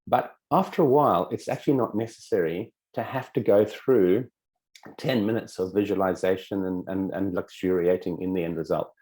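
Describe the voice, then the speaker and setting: A man teaching in a casual spoken way, animated and acting out little dialogues with shifting voices, swearing casually now and then. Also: low voice, normal speed. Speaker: self-help coach.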